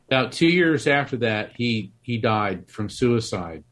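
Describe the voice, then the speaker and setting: In an interview, a middle-aged man from Florida, USA, an author and psychic medium, tells his story in an earnest, animated way, often restarting his sentences. His voice sits at a medium pitch in an ordinary middle register, and his pace is measured.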